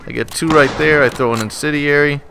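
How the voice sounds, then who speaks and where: A man giving gameplay commentary as a voice-over, excitable and swearing freely as he rants about the match. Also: a little high, fairly quick, gravelly. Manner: excitable, profane, frustrated ranting. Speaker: gaming channel host. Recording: noisy background.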